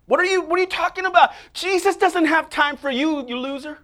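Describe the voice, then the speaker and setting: A man playing a scornful crowd member who shouts down blind beggars in a sermon. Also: very high voice, a little fast, pitched above the performer's own voice. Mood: jeering. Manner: shouting, contemptuous.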